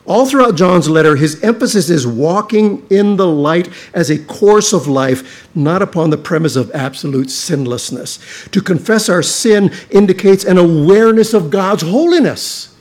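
A pastor preaches a sermon in a high, lively voice at a moderate pace with few pauses. He is earnest and emphatic, often restarting, and at times drops into a quieter, intense delivery.

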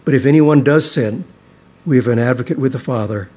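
A man preaching a sermon as a pastor, earnest and emphatic, with frequent restarts and stretches where he drops to a quieter, intense delivery. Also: mid-range voice, a little fast.

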